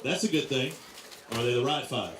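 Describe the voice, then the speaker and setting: A man's voice: mid-range voice, animated, moderate pace, fairly bright tone. Chatty male emcee, roomy and distant. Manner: chatty, upbeat interviewer. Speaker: weigh-in emcee. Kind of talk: live weigh-in announcing. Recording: roomy sound picked up from a distance.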